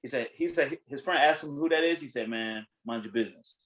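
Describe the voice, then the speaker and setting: A man hosting a podcast in casual chat, retelling a reality show in a blunt, animated way, acting out what people said and swearing freely. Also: mid-range voice, a little fast, low-quality recording. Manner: animated storytelling, acting out quotes. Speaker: podcast host.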